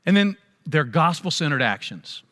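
A male pastor delivers a sermon in a high, bright voice. He tells stories with animation and acts out the voices of people in them. Long reverb from a large hall trails his words. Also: big pitch swings, normal speed.

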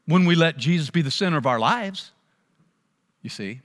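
Animated pastor preaching in a big hall. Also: male voice, fairly high pitch, normal speed. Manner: animated storytelling, acts out voices. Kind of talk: sermon. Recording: long reverb of a large hall.

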